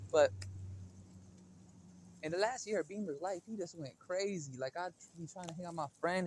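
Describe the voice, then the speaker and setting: A man's voice: high voice, a little hiss or hum. A man talking casually in a vlog, slangy and chatty, calling out to a cat in a backyard. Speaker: vlogger. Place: outdoors in a backyard.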